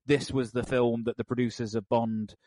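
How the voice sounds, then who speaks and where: A man's voice: medium pitch, flat delivery, normal speed, dark tone, no echo. Dry, rambling man on a film podcast. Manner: rambling, many fillers and restarts, wry. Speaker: podcast co-host. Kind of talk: casual film podcast chat.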